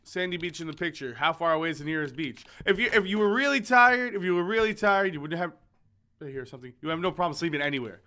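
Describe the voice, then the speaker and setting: A man's voice: a little high, fast, bright, forceful tone. A young man commentating a video game he plays, joking and rambling with stammered restarts, reading its text aloud. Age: young adult. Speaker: gaming video host.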